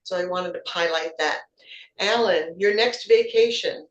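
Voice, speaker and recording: A woman's voice: lowish voice, unhurried, distant mic, muffled recording, slight background noise. Woman evaluating speeches in an echoey room. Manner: encouraging, repeats words while finding phrasing. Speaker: table topics evaluator. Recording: echoey room, voice from away from the mic.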